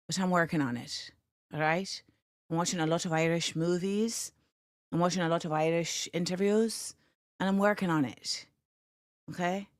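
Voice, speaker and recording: A woman hosting a casual livestream, chatting with viewers. She jumps between loud, excited exclamations and quiet muttering to herself. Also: lowish voice, moderate pace, pauses often, dry recording, clean studio sound. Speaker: host.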